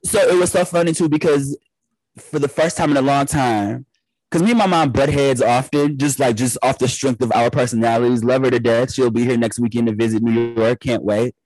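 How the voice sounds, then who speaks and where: A young man from the Detroit area chatting as a podcast guest, telling animated stories. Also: mid-range voice, a little fast, no echo, poor audio. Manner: animated storyteller, acts out family voices. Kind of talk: casual chat.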